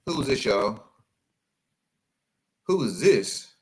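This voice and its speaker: Animated man reacting to photos. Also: medium pitch, slow pace, rough recording. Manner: animated, exclaiming, addresses viewers as y'all. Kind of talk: casual reaction commentary.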